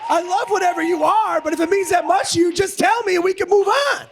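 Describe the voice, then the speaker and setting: A man's voice: very high-pitched, a little fast, crowd noise. A man performing a stand-up comedy set, ranting and swearing in a brash, profane way. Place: comedy stage with live audience. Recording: live audience noise.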